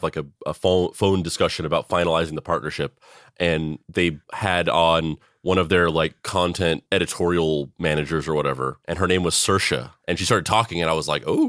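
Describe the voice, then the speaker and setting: Low-voiced man rambling in casual chat. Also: a bit bright, no room sound, clean studio sound. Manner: rambling, with many restarts and swearing. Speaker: podcast co-host.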